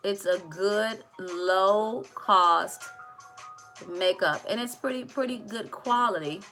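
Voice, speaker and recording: A woman's voice: medium pitch, slow pace, pushed and bright, faint music behind. A woman hosting a live makeup tutorial, chatting to her viewers directly with playful asides.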